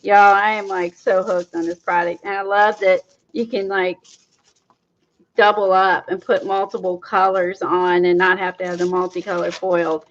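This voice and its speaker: A woman hosting a craft livestream, chatting excitedly to her viewers as she works. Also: lowish voice, normal speed. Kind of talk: casual livestream demo chat. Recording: dull lo-fi livestream audio.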